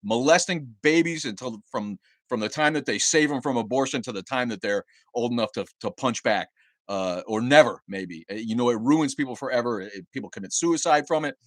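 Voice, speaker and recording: A man's voice: medium pitch, a little fast, no room sound. A man hosting his own livestream, talking heatedly and with lots of swearing, often repeating and restarting words. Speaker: livestream host. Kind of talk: angry livestream rant. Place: home livestream setup.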